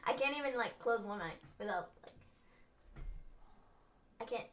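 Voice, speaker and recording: A woman's voice: a little high, lively intonation, a little slow. A young American woman co-hosting a casual chat, rambling and filling her sentences with "like.". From United States. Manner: rambling, heavy use of "like". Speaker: co-host.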